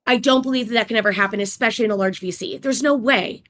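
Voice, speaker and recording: A woman speaking as a panel guest in an online debate, making her points in a measured, articulate way and listing them one by one. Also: fairly high pitch, fairly bright tone.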